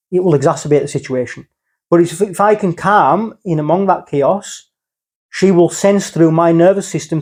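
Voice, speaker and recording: A man's voice: fairly high pitch, darkish tone. A middle-aged man from England, talking casually as a guest and checking in with "okay?" and "yeah?" as he explains. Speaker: podcast guest, father. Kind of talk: casual conversation.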